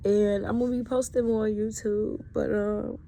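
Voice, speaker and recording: A woman's voice: medium pitch, little pitch movement, normal speed, dark tone, slight background noise. A woman talking straight to camera in a candid personal vlog, with raw, emotional, profane storytelling. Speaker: vlogger.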